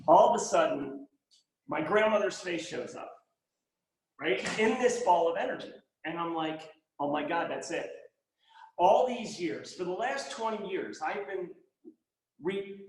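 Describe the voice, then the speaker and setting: A man telling a personal story in a conversation, earnest and emphatic, repeating phrases for stress. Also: on the high side. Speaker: guest speaker. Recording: roomy echo.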